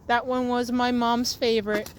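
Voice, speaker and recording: A woman hosting a casual vlog, soft-spoken and wandering in her talk, chatting to her pets along the way. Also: fairly high pitch, little pitch movement, normal speed, background noise. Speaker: channel host. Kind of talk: rambling casual vlog chat.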